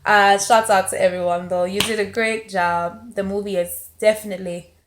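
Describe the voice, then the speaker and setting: This Alabama woman, from Montgomery in the United States, reviews a movie on her vlog with a playful, heavy put-on accent and stretched-out phrases. She speaks mid-range and steady at normal speed, in roomy sound with a noisy background.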